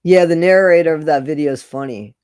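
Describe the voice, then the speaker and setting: A man's voice: on the high side, brisk, a little mellow, clean tone, no echo. A middle-aged man chatting casually with viewers on a live stream, greeting them by name and repeating his phrases.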